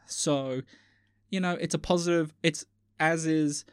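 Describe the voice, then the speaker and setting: An excitable man with a somewhat high voice, reading posts to his stream and breaking into loud outbursts and curses. The sound is dry and close, with no room in it. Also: unhurried, smooth, no room sound. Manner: excitable, swears, bursts into loud exclamations. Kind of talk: casual chat with commentary.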